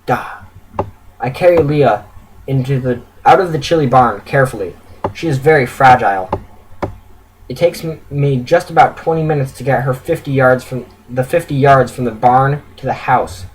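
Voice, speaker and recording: A man's voice: medium pitch, moderate pace, slight background noise, poor audio. A man reading his own written story aloud in an earnest way, with stumbles and self-corrections.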